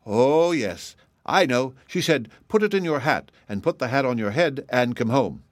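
A man's voice: medium pitch, expressive, moderate pace, no room sound, lightly acted. A man voicing a simple-minded, eager young boy who speaks earnestly in a storybook reading. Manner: earnest, naive.

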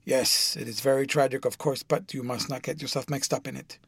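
A man's voice: mid-range voice, fairly even intonation, a little fast, gravelly, a bit bright, breathy edge, dry recording. Brief: male reader as a cool, witty nobleman, drawling and urbane, dry close sound. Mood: coaxing. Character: worldly older aristocrat, cool, cynical, witty. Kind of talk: audiobook reading.

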